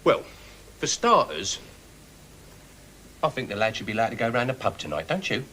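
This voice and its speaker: An actor playing a streetwise petty thief in a sitcom, wry and quick with a comeback. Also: male voice, medium pitch, big pitch swings, natural voice. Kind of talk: 1980s sitcom acting.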